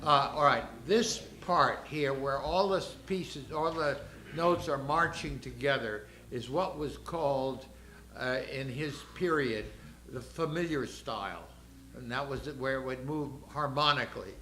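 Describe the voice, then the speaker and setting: Older man, choir director, explaining and counting in, bright voice, echoey rehearsal room. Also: mid-range voice, a little slow, slight background noise. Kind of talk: choral rehearsal instruction.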